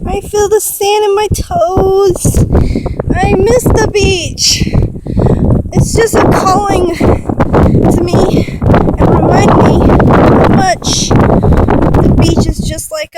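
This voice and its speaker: A woman vlogs while walking on a beach, holding her phone on a selfie stick and gushing with exclamations. Her extremely high voice stays steady and slow with long pauses. Loud wind noise hits the phone's recording.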